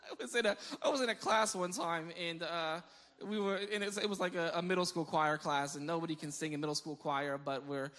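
This pastor speaks in a fairly high voice at a brisk clip, delivering a conversational sermon full of animated stories. He laughs often and keeps restarting his phrases, repeating words as he does.

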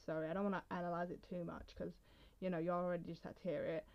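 Speaking fast in a fairly low, gravelly voice with flat delivery, this young woman vlogger chats about her poetry and reads some aloud. She rambles and keeps cutting herself off, and the lo-fi audio is a bit dull.

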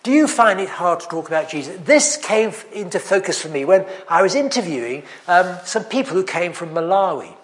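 A man's voice: sits high, sing-song, fairly quick, few pauses. A man preaching a sermon, telling stories in a chatty, anecdotal way with self-deprecating humour. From England.

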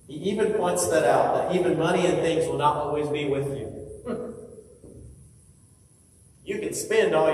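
Guy pastor preaching, kinda high voice, booming then going quiet, sounds far off in a big echoey church. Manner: preaching with big swings between loud emphasis and hushed tones. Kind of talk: sermon. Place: church sanctuary.

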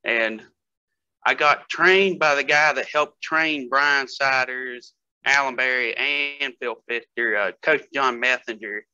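A man's voice: medium pitch, takes it slowly, bright, forceful tone, smooth, lo-fi sound. A man guest on a casual podcast, telling stories in a loose, hesitant way with frequent laughter. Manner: storytelling, laughs often, hesitant fillers. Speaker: guest strength athlete.

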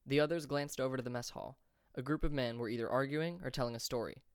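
Man with a smooth, dry narrating voice. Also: medium pitch, quick pace, no echo. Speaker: audiobook narrator. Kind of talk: scripted fantasy narration.

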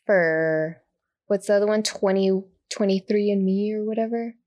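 A woman's voice: medium pitch, moderate pace, a little mellow, no echo, clean studio sound. A woman co-hosting a podcast in casual chat, giggly and chatty, laughing often as she talks. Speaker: podcast co-host.

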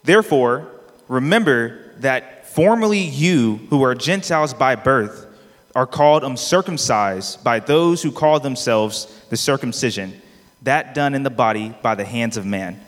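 A man reads a scripture passage aloud at a steady, formal pace. His voice sits at a medium pitch. A long hall reverb trails each phrase. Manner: measured, formal reading. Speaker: scripture reader. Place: church sanctuary.

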